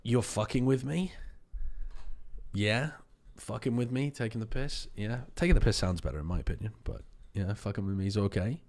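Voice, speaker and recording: A man's voice: on the low side, moderate pace, a little mellow. A man hosting a casual stream, rambling and joking crudely with guests. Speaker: stream host reviewing match recordings. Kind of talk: casual chat.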